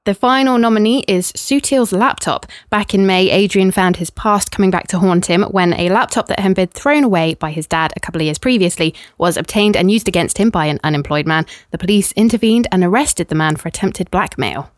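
Woman host, dry deadpan awards read, close and dry sound. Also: mid-range voice, brisk, few pauses, no room sound. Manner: dry, deadpan reading with bursts of laughter. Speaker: podcast co-host presenting awards. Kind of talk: scripted comic awards segment.

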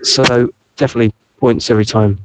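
A man's voice: mid-range voice, steady tone, fairly quick, slight background noise, poor audio. A man giving his view as a podcast panel guest, earnest and a bit rambling. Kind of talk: casual panel chat.

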